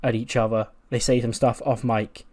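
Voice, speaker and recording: A man's voice: mid-range voice, little pitch movement, normal speed, darkish tone. A man casually narrating a wrestling management game playthrough, chatty and laughing at his own jokes. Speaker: game commentator.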